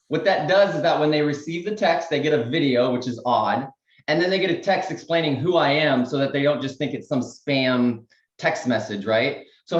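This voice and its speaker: A man, a real estate agent on a panel, giving casual sales tips and acting out phone calls in quick voices. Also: fairly high pitch, roomy sound, highs cut off.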